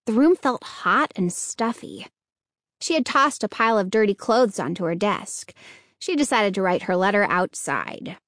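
A woman narrating a children's audiobook in a steady, clear storytelling manner. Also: mid-range voice, no room sound, clean studio sound.

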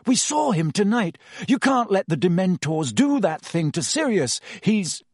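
A man reading aloud and voicing an agitated teenage boy wizard who pleads urgently and shouts. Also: sits high, very animated, measured pace, husky, dry recording, studio quality, pitched above the performer's own voice, full character voice.

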